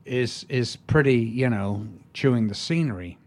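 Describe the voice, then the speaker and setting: A man's voice: medium pitch, measured pace. An older man tells stories as an interview guest. His delivery is theatrical, with frequent restarts and trailing fillers. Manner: theatrical storytelling, hesitant restarts. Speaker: guest actor. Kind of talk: anecdotal interview talk.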